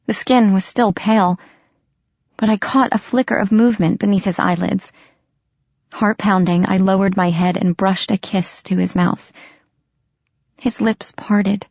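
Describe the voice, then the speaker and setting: A woman narrating a novel in first person, measured and unhurried. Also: medium pitch, vocal fry, darkish tone, dry recording, muffled recording. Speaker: audiobook narrator.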